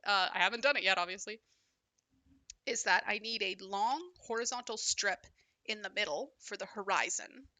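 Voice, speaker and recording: Gravelly-voiced young woman thinking aloud. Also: medium pitch, pushed and bright, dry recording. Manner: halting, self-deprecating, thinks aloud. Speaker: indie game developer. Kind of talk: casual brainstorming commentary over gameplay.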